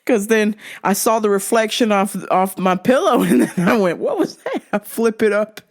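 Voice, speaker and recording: With a creaky, medium-pitched voice, fairly even intonation and a normal speed, a young podcast host rants comedically and casually on her own show. Swearing comes easily to her, and she frequently dissolves into laughter.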